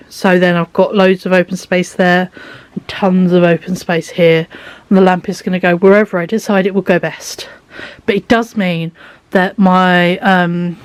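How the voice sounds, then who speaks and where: A young woman chatting casually in a home vlog from her bedroom, tired and rambling, often dropping to a soft near-whisper. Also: lowish voice, dry recording, poor audio. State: exhausted. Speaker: vlogger. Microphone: handheld camera.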